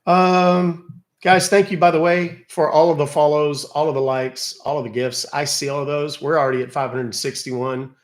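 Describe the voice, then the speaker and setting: A man's voice: on the high side, level tone, normal speed. A man hosting a livestream, chatting casually and directly to his viewers. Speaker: livestream scam-baiter host.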